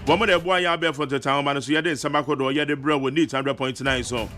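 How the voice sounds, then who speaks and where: Bright-voiced Ghanaian radio host. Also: male voice, mid-range voice, faint music behind. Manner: chatty, animated, frequent laughs and quick asides. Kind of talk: radio morning show, news review and listener messages. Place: radio studio. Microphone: studio microphone.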